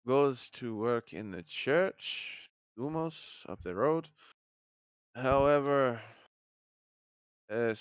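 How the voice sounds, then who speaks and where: A man voicing an observant male dwarf weaponsmith who speaks haltingly in character. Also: on the low side, smooth, no room sound.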